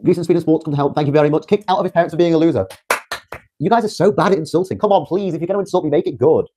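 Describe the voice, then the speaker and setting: A man's voice: a little high, very fast, dark tone, slight background noise. A young man from Britain on a livestream, ranting defiantly with rambling restarts. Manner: rambling, repetitive, stumbling restarts.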